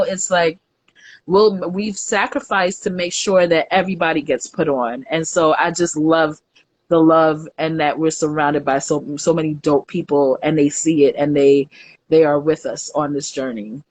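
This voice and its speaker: A woman's voice: deep voice, moderate pace, no echo. A woman, an entrepreneur talking casually and with feeling as an interview guest. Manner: heartfelt, emotional, chatty with fillers. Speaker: guest, entrepreneur and market organizer.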